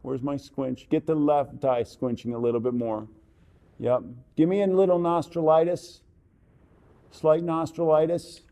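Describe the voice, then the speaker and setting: A man coaching a portrait subject through a photo shoot, giving brisk, repetitive commands over a live video call. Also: a little high, fairly even intonation, gravelly, mellow.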